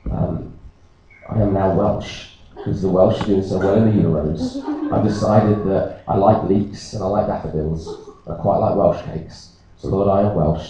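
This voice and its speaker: A man from Britain, a pastor, preaching a sermon and telling a personal story in a jokey, animated way. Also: low voice, moderate pace, a little hiss or hum. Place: church. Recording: echoey church from a distance.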